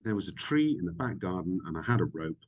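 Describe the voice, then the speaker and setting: A middle-aged man speaking frankly as a podcast guest, reflective and halting, with many ums. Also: deep voice, big pitch swings. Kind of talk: candid interview conversation.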